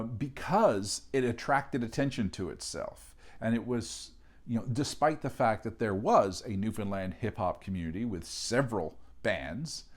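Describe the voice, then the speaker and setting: A man giving an informal academic lecture, thoughtful and measured, often pausing to search for the right word. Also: on the low side, darkish tone.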